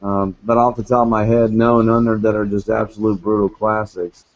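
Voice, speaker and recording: Relaxed man on a dull remote line. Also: on the low side, moderate pace, no echo. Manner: relaxed, laughs while recalling scenes. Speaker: podcast co-host. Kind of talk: casual movie chat.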